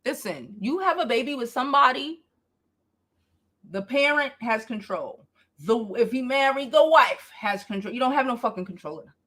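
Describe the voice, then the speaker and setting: A woman's voice: fairly high pitch, animated, normal speed, a bit bright. A woman giving reactive vlog commentary in an emphatic, exasperated, profane rant. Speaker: commentary vlogger.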